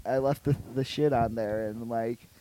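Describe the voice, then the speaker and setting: A man's voice: mid-range voice, steady tone, normal speed, mellow, a little hiss or hum. A man co-hosting a podcast, rambling through crude stories and jumping into goofy voices for the people in them. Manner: rambling retelling, slips into goofy voices for characters. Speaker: podcast co-host. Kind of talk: crude casual chat.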